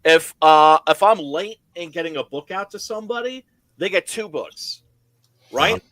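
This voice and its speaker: A man talks shop on a casual comics stream, leaning into his stories with emphatic, animated delivery. His voice has a slightly higher pitch and a forceful, bright edge. The sound is dry and close. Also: measured pace, no room sound. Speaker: comic creator guest. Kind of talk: casual podcast chat.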